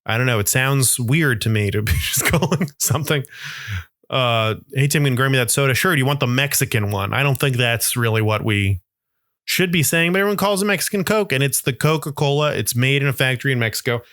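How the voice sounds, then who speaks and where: Animated ranting man, dry close sound. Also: mid-range voice, brisk, no room sound. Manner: animated, mock-outraged, acts out imagined voices. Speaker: podcast host. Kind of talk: solo comedic rant.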